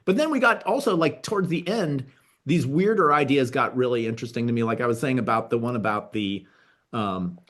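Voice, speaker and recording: A man talking as a guest in a casual chat, his voice mid-pitched and ordinary. He rambles as he recalls things, restarting sentences and filling pauses with fillers. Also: fairly bright tone. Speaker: guest, TV writer and producer.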